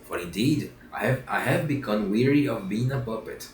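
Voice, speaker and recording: A man's voice: mid-range voice, normal speed, a little hiss or hum, natural voice. A man voicing Pinocchio, a remorseful wooden puppet boy, earnestly repeating his promises in a storybook reading. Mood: eager. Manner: earnest, repeats phrases over. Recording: roomy echo, distant mic, faint music.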